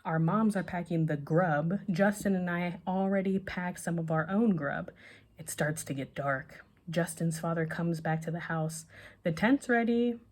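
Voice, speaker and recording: A woman reading a children's bedtime story aloud, with a lively, expressive delivery. Her voice sits a little low for a woman. She reads the story with plenty of emphasis and character. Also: measured pace.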